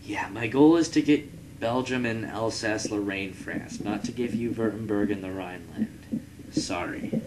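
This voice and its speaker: A young let's player with a lowish voice casually talks over his strategy game at a normal speed, rambling, swearing at rival nations and reading game text aloud. The recording is very noisy.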